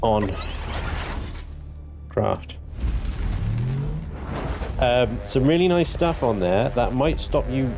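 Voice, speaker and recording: Over music, a young adult man from Britain chats with viewers on a game livestream, drawing out words and pausing often, with lively intonation. He's talkative and laughs a lot, swearing freely and squealing in mock indignation.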